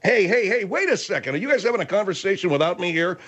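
A man's voice: sits high, big pitch swings, a bit bright, breathy edge. A man hosting a comedy radio show, exasperated and bossy with his guests. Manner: exasperated, bossy, quick to laugh.

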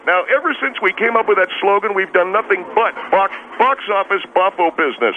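A man's voice: sits high, animated, fairly quick, voice pushed up. A man voicing a blustery, touchy steakhouse owner who calls in, boastful and easily flustered. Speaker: caller. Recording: tinny phone line with faint hiss.

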